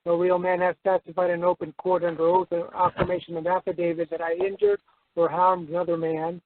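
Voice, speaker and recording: Man, caller, high voice, hesitant halting reading, dry tinny phone line. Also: monotone, no echo. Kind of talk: reading a prepared letter aloud.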